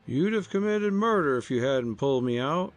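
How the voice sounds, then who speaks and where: A man's voice: a little high, expressive, moderate pace, no room sound, soft background music, pitched above the performer's own voice, close to an everyday voice. A man puts on a surly young messenger who snarls and sneers his lines, his voice raised and swinging widely. It is a dry, close storybook reading.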